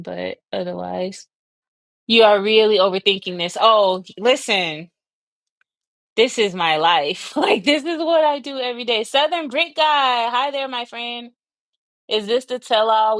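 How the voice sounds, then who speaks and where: A young adult woman hosting a casual livestream, chatty, thinking aloud and laughing often, a little breathy from asthma. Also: medium pitch, fairly bright tone, no echo. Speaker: livestream host.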